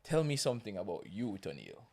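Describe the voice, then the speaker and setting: A man's voice: lowish voice, very animated, quick pace, a little mellow. A young Jamaican man co-hosting a casual podcast chat, playful and teasing. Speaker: podcast co-host.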